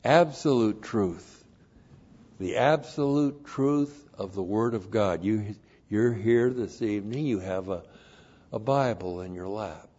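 A man delivers a sermon at an unhurried, deliberate pace, stressing key words and repeating them for emphasis. He spells out Greek terms letter by letter. The recording sounds muffled and lo-fi, as if captured in a church. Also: lowish voice, a little mellow. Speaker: pastor. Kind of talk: expository sermon.

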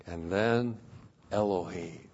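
A man teaching verse by verse through a Bible passage, slow and emphatic, repeating key phrases for weight. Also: sits low, a little mellow, lo-fi sound, slight background noise.

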